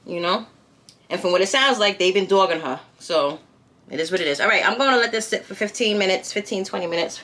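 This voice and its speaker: A woman's voice: medium pitch, fast, fairly bright tone. A woman vlogger chatting at home in a casual storytime, retelling events animatedly and firing rhetorical questions at her viewers. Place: home, by a window.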